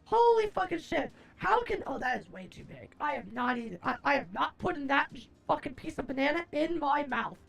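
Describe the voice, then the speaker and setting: A woman's voice: sits high, sing-song, fairly quick, vocal fry, few pauses. A young adult woman streamer chatting casually on a live stream, rambling, exasperated and profane as she answers her chat.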